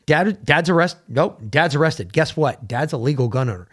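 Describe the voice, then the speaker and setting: A man's voice: on the high side, animated, moderate pace. A man co-hosting a casual opinion podcast, talking bluntly and emphatically and swearing freely. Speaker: podcast co-host.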